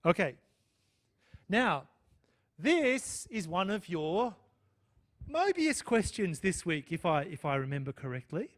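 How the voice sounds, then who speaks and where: Male math lecturer, high-pitched, chatty and checking in with the class. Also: sing-song, slow, pauses often, fairly bright tone. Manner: chatty, checks in with "okay?" and "right?". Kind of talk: live lecture with student questions.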